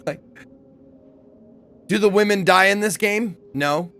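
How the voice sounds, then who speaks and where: A man's voice: high voice, slow pace, sharp tone, clear, resonant tone. A man giving casual, joking commentary while playing a game, chatting and laughing often. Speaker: let's play gamer.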